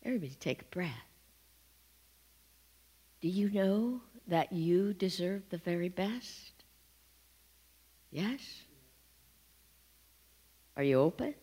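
A woman's voice: lowish voice, expressive, slow, pauses often, mellow, husky. A woman minister preaching a sermon, telling stories with humor and inviting her congregation to join in. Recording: long hall reverb.

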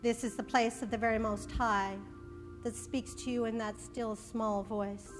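Woman, minister, sermon and guided meditation, unhurried, soothing, faint music behind. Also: on the high side, flat delivery, big-room sound.

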